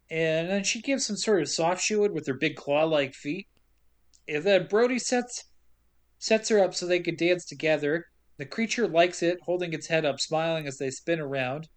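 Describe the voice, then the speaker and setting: Sarcastic woman recapping a movie. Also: on the low side. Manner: sarcastic, acts out characters in quotes. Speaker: podcast co-host. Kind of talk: casual movie recap chat.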